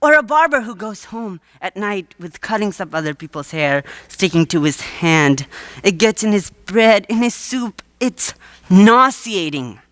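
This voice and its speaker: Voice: medium pitch, very animated, a little slow, fairly bright tone, no echo. A teenage student actor playing a wheedling male waterfront huckster in a live school stage play, with a theatrical salesman's patter.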